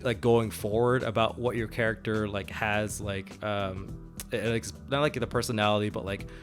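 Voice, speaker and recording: A man's voice: fairly low pitch, steady tone, moderate pace, over music. A man co-hosting a podcast, talking casually about tabletop role-playing in a rambling way, with many fillers, restarts and laughs. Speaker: podcast co-host.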